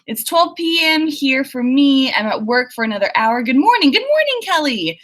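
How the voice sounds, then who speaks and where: A young woman with an Oklahoma accent, a Southern US voice, hosts a writing livestream and reads through viewer comments in a bubbly, chatty way, full of fillers and laughs. Her high voice is very animated and fairly bright, at a moderate pace.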